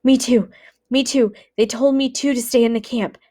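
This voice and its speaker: A woman's voice: medium pitch, moderate pace, darkish tone, close to an everyday voice. A woman doing an exhausted, insistent old father. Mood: urgent. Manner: urgent, insistent. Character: exhausted older father urging his son.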